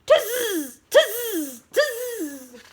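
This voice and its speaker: A woman doing teasing storybook monkeys, copycat chant, playful mimicry, high sing-song voice. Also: very animated, drawn-out words, heavily acted. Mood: mocking. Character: mischievous copycat tree monkeys.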